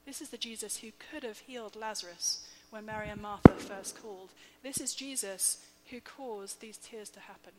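A woman in her thirties preaching a sermon, slow, measured and emphatic, with soft quiet dips. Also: mid-range voice. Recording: long hall reverb, faint hum.

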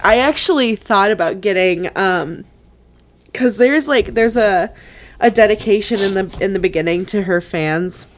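A woman's voice: mid-range voice, a little slow. Young woman on a podcast, all teary and laughing, sniffly, chatty. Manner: tearful, emotional, laughing through tears. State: crying. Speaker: podcast co-host. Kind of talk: casual chat.

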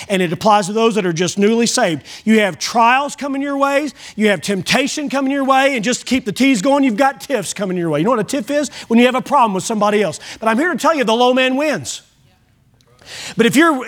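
A man's voice: extremely high pitch, fairly bright tone. A man preaching a sermon as pastor, with a folksy, emphatic delivery that acts out prayers.

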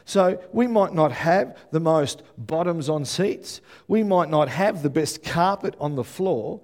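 Animated Australian pastor, fairly high voice. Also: male voice, unhurried. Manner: animated storytelling with frequent "yeah?" check-ins to the congregation. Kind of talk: sermon.

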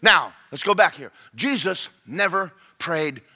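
A male pastor preaching a sermon, folksy and fervent, swinging from quiet asides to shouting. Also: on the high side, expressive, unhurried.

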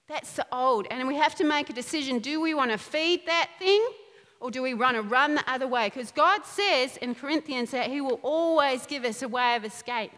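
A woman preaching a sermon in an animated, emphatic way, often laughing, with her voice ringing out in an echoey hall. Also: high-pitched, moderate pace.

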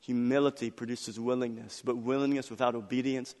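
A middle-aged man preaching a sermon as pastor, animated and acting out the voices of the people in his story. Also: mid-range voice, fairly quick, in a large hall.

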